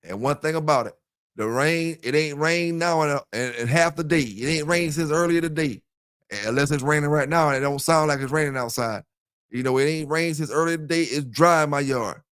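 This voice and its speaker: His voice fairly high, fairly quick and a bit bright, a dog kennel channel host loosely chats with listeners during a casual livestream. He uses a headset with earphones. The tone is clean, with no room sound and clean studio audio.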